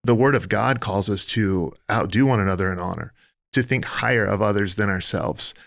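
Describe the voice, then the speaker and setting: A man's voice: on the low side, normal speed, gravelly, fairly bright tone, dry recording. Earnest preacher-like man, dry sound. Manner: earnest, preacher-like, builds lists and reads quotes aloud. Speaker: podcast co-host. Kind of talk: faith-based podcast discussion.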